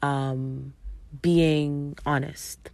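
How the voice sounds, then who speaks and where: Low-voiced woman telling a story. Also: steady tone, very slow, vocal fry, darkish tone, no room sound. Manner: emphatic, swears freely, acts out dialogue. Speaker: podcast host. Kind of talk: casual storytelling monologue.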